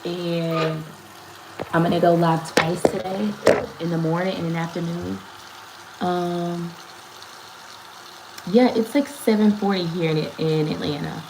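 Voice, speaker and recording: Lady in her 30s doing a casual live chat at home, lowish voice, echoey room. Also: fairly even intonation, a little slow, long pauses, very noisy. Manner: chatty, greeting viewers by name and laughing often. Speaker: lifestyle vlogger and host. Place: at home, indoors. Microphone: phone on a tripod. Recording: roomy echo with faint ambience.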